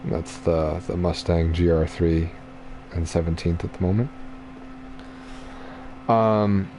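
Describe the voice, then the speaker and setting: A man's voice: deep voice, slow, noisy background. A young man giving casual, chatty commentary while streaming a racing game. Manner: relaxed, chatty, explaining racing strategy.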